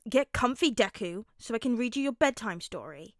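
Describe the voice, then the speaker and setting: Woman putting on a brash little boy who scolds and bosses everyone around, loud and gruff, in a fanfic audiobook. the reading is dry and close up. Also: a little high, animated, normal speed, no room sound, lightly acted. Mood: bossy. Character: de-aged little boy, grumpy, bossy and brash.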